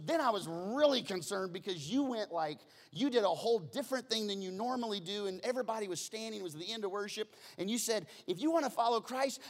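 A man preaching a sermon as pastor, telling a story with lively swings from hushed to loud and repeating words as he starts phrases. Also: sits high. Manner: animated storytelling, acting out quoted voices, swings from hushed to loud.

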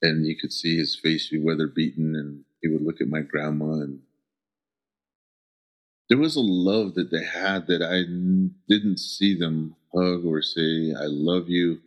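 Middle-aged man from the American Southwest, interview guest, very deep voice, earnest and halting, dull lo-fi recording. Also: steady tone. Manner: earnest, halting, searching for words. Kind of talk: reflective personal storytelling.

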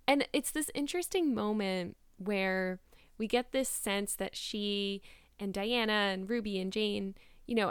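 Woman reading a novel aloud, expressive, crisp voice, dry sound. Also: mid-range voice, no room sound. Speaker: reader of a novel. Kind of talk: storybook narration and commentary.

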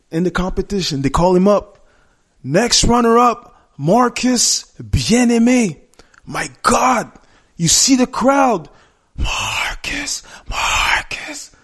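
A middle-aged man with a high-pitched voice shares a heartfelt personal story as a guest in a conversation. He speaks earnestly, often restarting and correcting himself.

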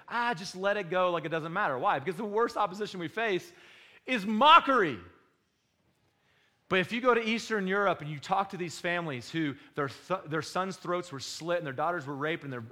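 A man preaching a sermon, with a slightly raised pitch. He fires rhetorical questions at his congregation. His delivery swings from fervent, loud peaks to quiet, intimate lows. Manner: impassioned, swings between loud and hushed. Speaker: pastor.

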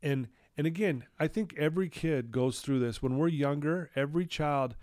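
A middle-aged man from Utah, a podcast guest telling his life story earnestly and acting out quoted dialogue in a hushed voice. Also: fairly high pitch, moderate pace, no echo, studio quality. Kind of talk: candid podcast conversation.

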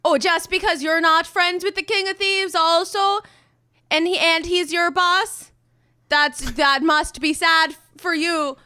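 A woman voicing a brash, smooth-talking female rogue who bluffs her way past guards, glib and needling. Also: high voice, expressive, normal speed, bright, forceful tone, dry recording, clean studio sound. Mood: smug bluffing. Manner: glib, needling, confidently argumentative.

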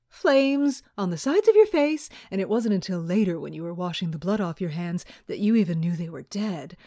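A woman's voice: on the low side, mellow. A woman hosting a podcast, casual and playful, often laughing at herself. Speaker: podcast host and storyteller. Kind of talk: casual podcast chat and narration.

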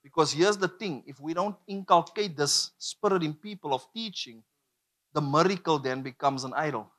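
A man's voice: a little high, moderate pace, fairly bright tone. A man preaching a sermon, emphatic and repetitive, drawing call-and-response from the congregation.

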